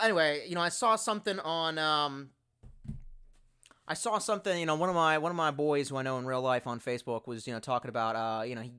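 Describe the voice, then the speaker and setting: A man's voice: medium pitch, pushed and bright, smooth. A young man hosting a casual livestream in a rambling, profane, exasperated way, talking into a headset. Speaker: livestream host. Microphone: bluetooth headset.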